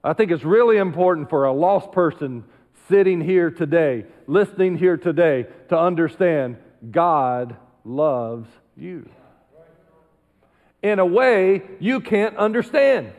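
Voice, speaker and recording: A male pastor preaching a sermon emphatically, dropping into quiet asides. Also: fairly high pitch, lively intonation, takes it slowly, big-room sound, phone-quality sound. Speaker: senior pastor. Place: church sanctuary.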